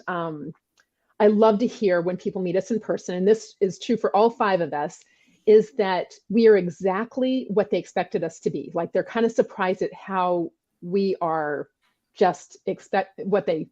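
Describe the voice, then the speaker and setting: A woman hosting a podcast, introducing her guest and then chatting in a friendly, informal way. Her voice sits at a middle pitch. The recording sounds a little dull and muffled. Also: warm tone. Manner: friendly, informal, talks in loose restarts. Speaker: podcast host. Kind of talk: guest introduction and casual chat.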